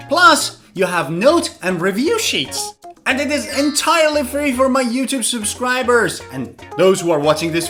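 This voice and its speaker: Man, English pronunciation teacher, high voice, very animated melody, slow drilled examples. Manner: lively and animated, drills words slowly for repetition. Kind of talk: online video lesson.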